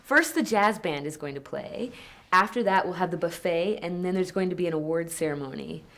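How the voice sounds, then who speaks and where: A woman's voice: on the low side, a little fast, fairly bright tone. A woman acting in a scripted learner dialogue as a chatty office worker who laughs easily. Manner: upbeat, chatty, laughs often. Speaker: office worker in a lesson video.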